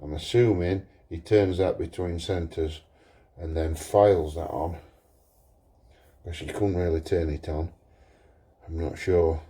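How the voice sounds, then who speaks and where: A man, a pipe maker talking through his workshop repair in a relaxed, thinking-aloud way. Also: sits low, slow. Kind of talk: workshop vlog.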